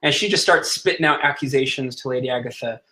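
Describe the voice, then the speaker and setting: Guy running a tabletop game, bright voice, plays the npcs himself. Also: mid-range voice, quick pace, low-quality recording. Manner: plays the characters in his own voice. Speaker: game master.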